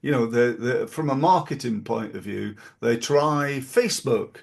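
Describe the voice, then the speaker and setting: A man's voice: mid-range voice, a little slow, creaky. A middle-aged man hosting a podcast, talking through business advice in a rambling, casual way with many fillers and restarts. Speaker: podcast host.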